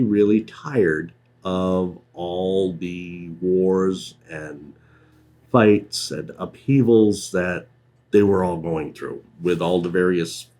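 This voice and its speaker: Man, low voice, slow delivery, talking through writing tips with relaxed asides. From New England, USA. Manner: unhurried storytelling with asides. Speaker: writing advice presenter. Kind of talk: casual talk on writing craft.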